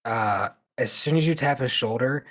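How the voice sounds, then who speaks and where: A man's voice: medium pitch, normal speed, a bit bright. A man narrating a tabletop game as game master, casual and full of fillers.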